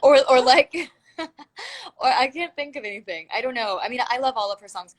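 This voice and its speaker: Woman, livestream guest on a phone; bubbly and gushing, a bit high in pitch. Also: fast talker. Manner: giggly, filler-heavy, gushing. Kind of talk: casual livestream chat.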